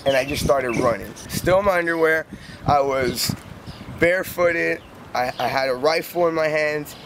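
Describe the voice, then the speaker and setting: A man's voice: fairly high pitch, normal speed. A young man telling a rambling, profane story outdoors beside a canal, speaking casually with lots of "like" and restarts. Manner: profane, rambling, heavy use of "like". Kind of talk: casual spoken anecdote. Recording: noisy outdoor recording with traffic. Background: outdoor street ambience with passing vehicles.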